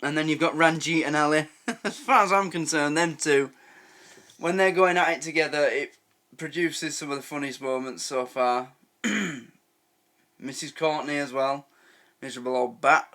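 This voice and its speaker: Man, reaction video host, bright tone, rambling and laughing. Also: a little high. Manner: chatty, laughs often, trails off and restarts. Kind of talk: casual reaction commentary.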